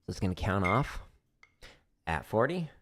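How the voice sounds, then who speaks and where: There is slight background noise as a drum teacher with a lowish voice talks at a moderate pace. Streaming from his practice room, he casually explains technique with fillers, his studio microphone set near the drum setup.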